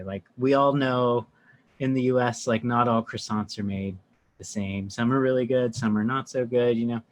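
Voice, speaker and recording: Male podcast guest, meditation teacher, chatty anecdote, animated asides, mid-range voice. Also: mid-range voice. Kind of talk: casual storytelling.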